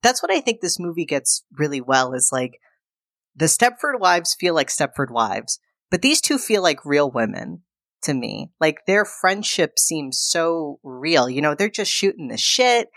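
Low-voiced woman recapping a film. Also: unhurried, no echo, studio quality. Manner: animated retelling, acting out characters' lines. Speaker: podcast co-host. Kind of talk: casual chat recapping a film.

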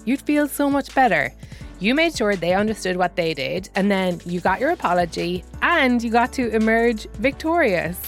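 A woman hosting a podcast, narrating and interviewing in a conversational, storytelling way. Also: medium pitch. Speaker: podcast host.

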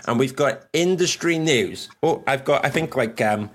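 A man's voice: mid-range voice, lively intonation, moderate pace, slightly rough. A man co-hosting a casual, joking chat stream. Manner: chatty, joking, puts on silly robot voices. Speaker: livestream co-host.

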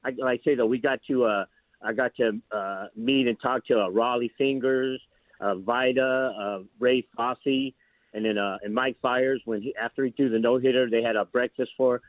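A man's voice: medium pitch, steady tone, normal speed, no echo. Male caller, chatty rambling storyteller, phone-line audio, dry. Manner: rambling storyteller with many restarts and fillers. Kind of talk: casual phone call to a sports radio show.

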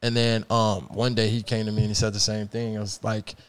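Give me a man with a lowish voice, a rapper guesting on a podcast. He talks in laid-back slang and swears casually. He chimes in with quick agreement. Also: flat delivery, clear, resonant tone. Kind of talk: casual chat.

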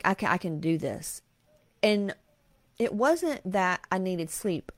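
A woman in her thirties with a drawl speaks candidly and emotionally, swearing as she opens up about her life. Her voice sits a little low. The sound is close and dry, with no room around it. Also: dry recording. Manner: emotional, confessional, frequent swearing. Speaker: podcast host. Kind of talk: candid personal storytelling.

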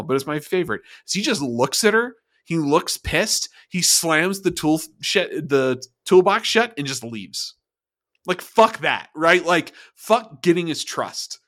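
A man co-hosting a podcast talks in a bright, forceful tone. His voice sits on the higher side, and he swears freely while eagerly acting out scene dialogue in casual review chat. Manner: profane, enthusiastic, acts out scene dialogue. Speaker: podcast co-host.

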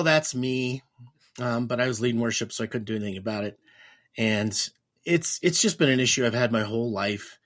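A man, a Christian minister and podcast guest, telling stories in a casual, animated way and acting out the dialogue he quotes. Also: on the low side, breathy edge. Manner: animated storyteller, acts out quoted dialogue with restarts. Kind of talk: casual storytelling.

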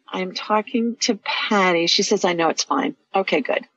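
A woman's voice: on the low side, moderate pace, a bit bright. A woman hosting a live call-in radio show, talking callers through her visions in a chatty, reassuring way. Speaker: radio show host, intuitive healer. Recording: dry, muffled radio audio.

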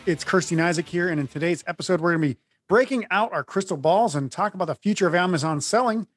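A man co-hosting a business podcast, brisk and upbeat as he opens the episode. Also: high voice, faint music behind. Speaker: podcast co-host. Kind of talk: podcast intro and casual chat.

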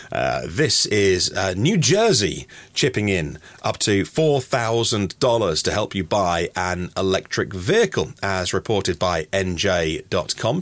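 A man's voice: fairly low pitch, a bit bright, no echo. A man hosting a daily news podcast, reading stories with chatty, ad-libbed asides. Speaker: podcast host.

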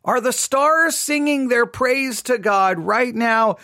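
A man from Texas, a Christian commentator, talking in a casual monologue into a microphone, candid and animated, acting out the voices in his stories. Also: very high voice, slow, no room sound, studio quality. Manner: candid, animated storytelling with acted-out quotes. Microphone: studio microphone.

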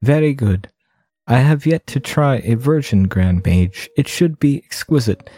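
A man's voice: medium pitch, animated, unhurried, dark tone. A man putting on a gloating demon lord. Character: arrogant demon lord, male adult.

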